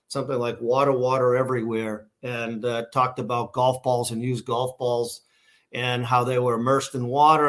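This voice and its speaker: A man's voice: mid-range voice, fairly bright tone. A middle-aged man from Massachusetts with a Boston accent, telling stories as a company founder in a casual interview, rambling with fillers and restarts. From Massachusetts, USA. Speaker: guest, shoe company founder.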